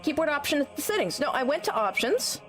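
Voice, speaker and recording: A woman's voice: high-pitched, very animated, brisk, fairly bright tone, soft background music. A woman streaming a game, chatting casually with her viewers, teasing them and swearing freely. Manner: teasing, swears a lot, talks back to chat.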